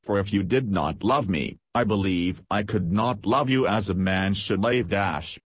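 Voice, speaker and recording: A man reading the part of a young army captain who speaks gently and earnestly. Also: lowish voice, husky, no room sound, clean studio sound. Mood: gentle. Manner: gentle, measured.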